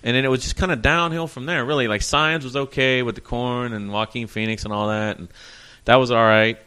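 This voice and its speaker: A man with a bright, forward voice chats as a podcast guest. He rambles in a relaxed way and fills his talk with "like". He sounds easygoing and unhurried. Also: mid-range voice, smooth. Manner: laid-back, rambling, says "like" a lot. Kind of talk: casual podcast chat.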